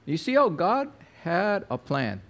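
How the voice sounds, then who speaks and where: A man preaching a sermon, telling a story with lively acted-out quotes and talking to the listener directly. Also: high-pitched, takes it slowly. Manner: animated storyteller, acts out quotes, addresses listener as my friend.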